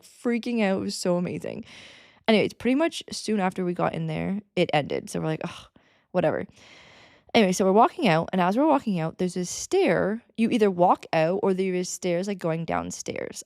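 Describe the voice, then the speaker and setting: Thirtyish woman podcast host, rambly excited storytime, bit of vocal fry. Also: lowish voice, no room sound, studio quality. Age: 30s. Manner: chatty, filler-heavy, excitable. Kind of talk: casual storytelling.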